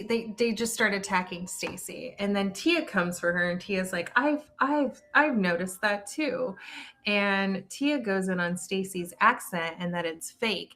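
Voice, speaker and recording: A woman's voice: mid-range voice, pushed and bright. A middle-aged woman co-hosting a podcast, recapping a reality show in casual, gossipy chat that trails off and restarts. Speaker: podcast co-host.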